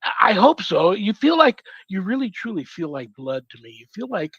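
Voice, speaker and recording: Over crowd noise, a very animated, high-pitched host wraps up his talk show at a moderate pace, affectionately and effusively seeing off each guest individually. The audio is dull and lo-fi.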